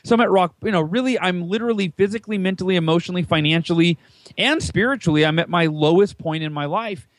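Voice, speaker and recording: An American man in his thirties, lively and quick-paced, tells his story as a guest in a casual storytelling podcast interview, shifting into a higher voice whenever he acts out what someone said. His voice is high for a man, dry and close, with no room sound.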